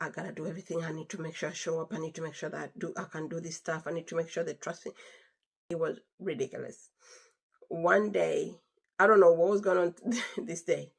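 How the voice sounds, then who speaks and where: A young adult woman casually telling a story to her viewers, emphatic and chatty, repeating phrases for stress. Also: low voice. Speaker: vlogger telling a work story.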